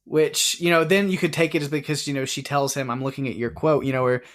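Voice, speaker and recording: A man co-hosting a movie podcast, chatting casually and rambling with lots of fillers and quick laughs. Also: on the high side, fairly even intonation, a bit bright. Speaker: podcast co-host. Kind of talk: casual movie review chat.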